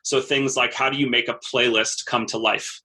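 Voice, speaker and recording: Man, podcast guest, clear bright voice, little pitch movement, repeats words mid-thought. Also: moderate pace. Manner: repeats words as he thinks, steady storytelling. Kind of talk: casual interview talk.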